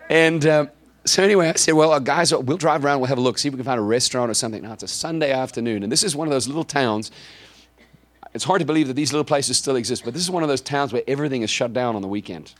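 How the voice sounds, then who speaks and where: A South African man, a preacher, telling a story in a sermon, animated and anecdotal, often repeating words as he goes. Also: mid-range voice, very fast.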